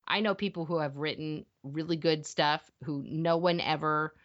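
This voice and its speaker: A woman's voice: sits low, steady tone, normal speed, lo-fi sound. A woman co-hosting a film-review podcast, ranting with plenty of swearing and sarcasm. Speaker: podcast co-host. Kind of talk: casual film-review banter.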